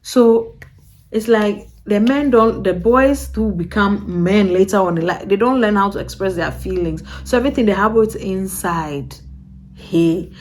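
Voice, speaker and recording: Woman hosting a vlog, lively and chatty, repeats herself, mid-pitched voice. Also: measured pace. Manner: animated, repetitive, acts out quoted voices with laughs. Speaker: vlogger and podcast host. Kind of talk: casual talk to camera.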